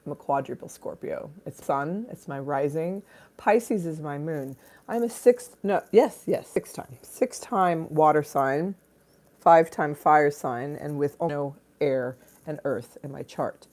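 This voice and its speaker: Low-voiced woman, crude and playful. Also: slow pace. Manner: playful and crude, swings between loud bursts and low mutters. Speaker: livestream host. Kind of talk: casual livestream chat. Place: Los Angeles home. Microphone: phone.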